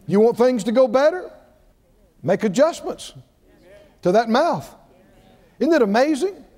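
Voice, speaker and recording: A man's voice: very high-pitched, sing-song, unhurried, a little mellow, in a large hall. A man preaching a sermon, drawing call-and-response from the congregation with emphatic, repeated lines.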